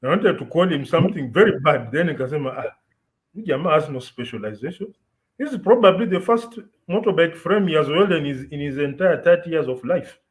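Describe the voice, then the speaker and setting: A man's voice: a little high, lively intonation, brisk, hardly any pauses, low-quality recording. A Kenyan man in casual, opinionated podcast chat, switching between English and Swahili as he tells stories. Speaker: podcast host.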